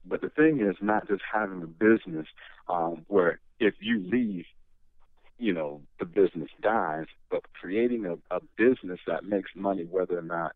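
A middle-aged man, a guest in an interview, talking in a motivational, animated way, often restarting his sentences. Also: low-pitched, normal speed, no echo. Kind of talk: conversational interview. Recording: tinny phone line.

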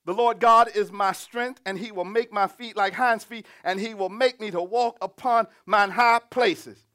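A man preaching a sermon, reading scripture and building to shouted, humming, laughing exclamations. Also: high voice, steady tone, unhurried.

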